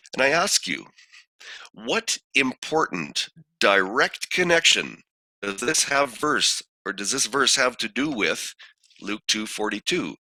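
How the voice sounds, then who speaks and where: Guy teaching a bible study, slow and deliberate, bright voice, pitch moves around a lot, dry sound. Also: very animated, no echo. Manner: deliberate, questioning, reads verses aloud. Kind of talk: slow scripture study lesson.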